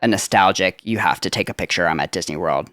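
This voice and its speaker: Low, smooth-voiced young man chatting. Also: fast, a bit bright, no echo, clean studio sound. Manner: chatty, lots of filler "like". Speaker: guest, Disney character performer. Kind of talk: casual podcast interview.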